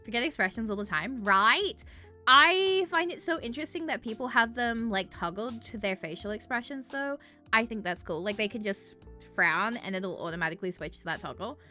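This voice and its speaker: A woman's voice: on the high side, brisk, faint music behind. Giggly, swearing woman streamer. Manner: giggly, swears freely, animated. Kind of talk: casual stream chat.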